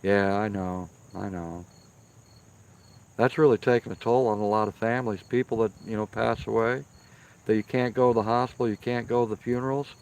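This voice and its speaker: A man's voice: on the low side, steady tone, a little fast, a little mellow, clear, resonant tone. Chatty man talking to his viewers. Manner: chatty, emphatic, repeats himself for stress. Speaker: live-stream host reading viewer comments. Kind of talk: casual live-stream chat. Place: outdoors by a firepit.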